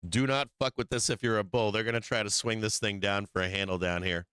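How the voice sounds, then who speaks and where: A man's voice: fairly low pitch, fairly even intonation, fast talker, fairly bright tone, smooth, no room sound, clean studio sound. A man hosting a live stock market stream, commenting casually on charts, laughing often, swearing and teasing his chat. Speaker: stock market livestream host.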